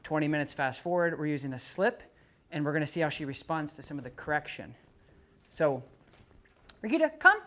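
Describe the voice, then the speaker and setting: A dog trainer working with a dog in front of its owner. The trainer explains calmly to the owner, then calls out commands and loud, high praise to the dog. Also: brisk. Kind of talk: hands-on training demonstration.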